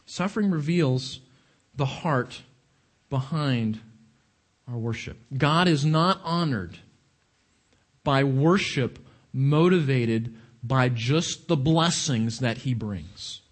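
A man's voice: medium pitch, slow pace, long pauses. A man preaching a sermon, questioning his congregation and stressing his points. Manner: questioning the audience, emphatic.

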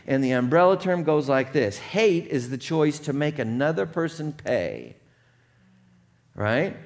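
A man's voice: a little high, animated, unhurried, gravelly. A man preaching a sermon as pastor, conversational and often checking in with his congregation.

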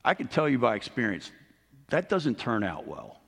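A man's voice: medium pitch, huge pitch swings, normal speed, creaky, a bit bright, slightly rough. A middle-aged man preaching a sermon as a pastor, earnest and rising to emphasis on key points. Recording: long hall reverb.

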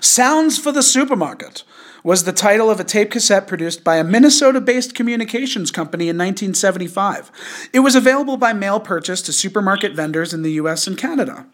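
A man's voice: high-pitched, fast talker. A man hosting a casual podcast, rambling with loose, slangy talk and frequent laughter. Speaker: podcast host.

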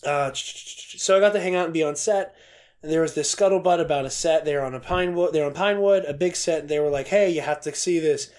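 A man co-hosting a podcast, reading a news story aloud in a casual, excitable way, laughing often and swearing casually. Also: fairly high pitch, brisk. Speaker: podcast co-host.

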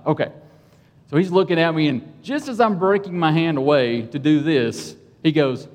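A man telling a personal story from the pulpit, conversational and animated, often checking in with the audience. His voice sits a little high and swings widely as the story builds. A long reverb from the hall trails his words. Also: moderate pace. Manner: animated, conversational, keeps asking "right?". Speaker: police officer and church speaker. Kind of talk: sermon storytelling.

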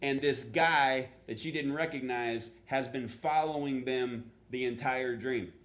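A man preaching a sermon as pastor, telling a story in an animated way, acting out quotes with sudden jumps in pitch and adding self-deprecating asides. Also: unhurried.

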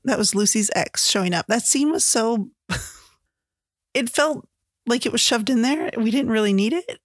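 A woman's voice: a little high, fairly quick, no room sound, studio quality. Gushing, chatty woman reviewing a book. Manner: chatty, gushing, with many fillers like "like". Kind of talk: casual chat.

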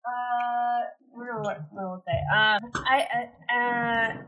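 A woman playing a tabletop game, hesitant and gentle in how she talks. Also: fairly high pitch, steady tone, slow pace, few pauses, poor audio. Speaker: player. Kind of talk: casual tabletop play.

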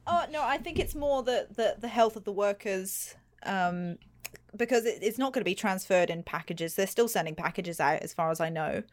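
Polite english-accented woman from new zealand, mid pitch, dry close sound. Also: lively intonation, normal speed, no echo. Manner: polite, mild exclamations. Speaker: guest illustrator. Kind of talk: casual interview chat.

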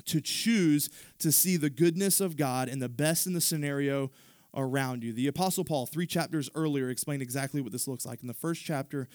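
A man's voice: mid-range voice, normal speed, a little mellow, no room sound, studio quality. A man pastor preaching a sermon in a conversational manner, with asides to the congregation.

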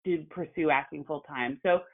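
A woman, an actress and journalist, telling her story as a guest in a casual conversation, animated and full of fillers. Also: low voice, normal speed. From Oklahoma. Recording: phone-like narrow sound.

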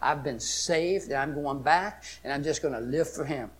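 A man preaching a sermon, swinging between loud emphatic exclamations and hushed storytelling. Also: a little high, moderate pace.

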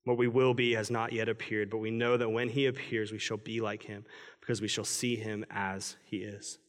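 A pastor delivering a Christmas-season sermon as earnest, conversational storytelling, recorded in a church. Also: male voice, lowish voice, level tone, moderate pace. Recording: long reverb of a large hall.

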